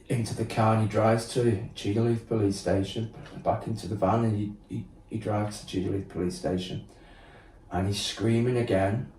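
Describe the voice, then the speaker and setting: Blunt low-voiced man, roomy. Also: warm tone. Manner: blunt, swears, acts out quotes, many fillers. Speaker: podcast guest. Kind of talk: candid storytelling. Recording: roomy sound, distant mic.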